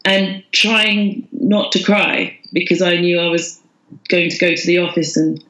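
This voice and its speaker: A woman's voice: lowish voice, fairly even intonation, unhurried, fairly bright tone, reverberant, poor audio. A woman, a podcast guest telling her story candidly and with self-mockery. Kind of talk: casual storytelling.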